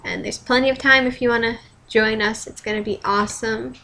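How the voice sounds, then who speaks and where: A woman's voice: fairly high pitch, fairly even intonation, fairly quick, vocal fry. Rambling teen girl vlogger, noisy recording. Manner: rambling, self-deprecating, swears casually. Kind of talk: casual vlog answering fan dares.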